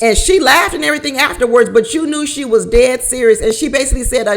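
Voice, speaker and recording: A woman hosting a casual reality show recap, animated and laughing often as she repeats her points. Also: high-pitched, fairly quick, few pauses. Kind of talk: casual commentary.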